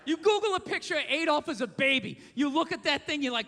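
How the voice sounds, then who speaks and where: A man doing a stand-up comedy set on stage, ranting and swearing with loud shouted bursts, recorded live in a theater. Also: very high-pitched, lively intonation, quick pace, creaky. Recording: live in a theater with long reverb and faint crowd noise.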